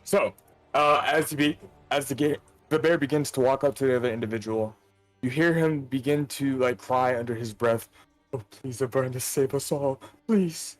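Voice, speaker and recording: Game master, male, casual halting narration, dry close mic, faint music. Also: mid-range voice, no room sound.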